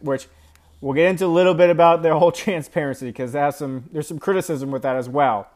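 A man's voice: fairly high pitch, a little fast, a little mellow. A man giving casual commentary on a news story in a rambling way, with plenty of fillers. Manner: rambling, filler-heavy delivery.

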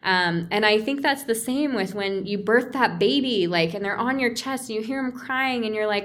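A woman's voice: fairly high pitch, normal speed, few pauses. Woman co-host, chatty storyteller, acts out quoted voices. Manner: animated, acts out quoted voices, frequent "like" fillers. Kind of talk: casual storytelling conversation.

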